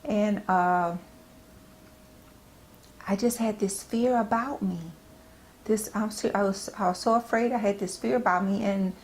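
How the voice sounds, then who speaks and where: A middle-aged woman from the United States giving a personal devotional talk. She speaks earnestly and gently, often halting and repeating phrases as she goes. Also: medium pitch, fairly even intonation, slight background noise. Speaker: Christian speaker.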